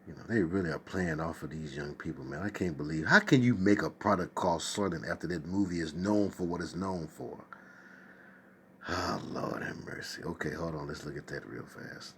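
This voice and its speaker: Sitting at his desk at home, a man hosts a casual livestream, reading viewer comments aloud with exclamations and chatty asides. His voice is low-pitched and moderately paced, with a little hiss or hum in the background.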